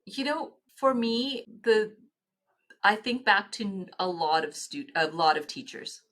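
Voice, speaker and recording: A middle-aged woman, telling personal stories as a podcast guest in an earnest, halting way with many restarts. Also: mid-range voice, animated, fairly bright tone. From Canada. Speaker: guest, nonprofit executive. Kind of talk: podcast interview storytelling.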